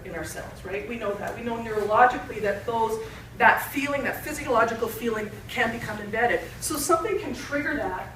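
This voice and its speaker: Woman giving a talk at a retreat, chatty, slightly high voice, mic far off in a big echoey room. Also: fairly bright tone, slight background noise. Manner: conversational, joke-telling. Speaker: retreat speaker. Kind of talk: talk to an audience. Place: retreat hall. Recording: echoey hall, distant mic.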